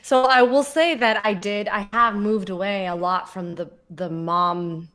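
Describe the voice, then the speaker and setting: A woman's voice: medium pitch, fairly even intonation, measured pace, fairly bright tone. A woman in her thirties, a fitness coach interviewed as a guest, telling a candid personal story with emphatic repeats and many restarts.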